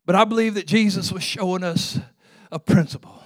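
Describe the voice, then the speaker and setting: A man preaching a sermon as pastor, fervent and swinging between loud calls and hushed, quiet passages. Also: sits high, fairly quick, dry recording, studio quality.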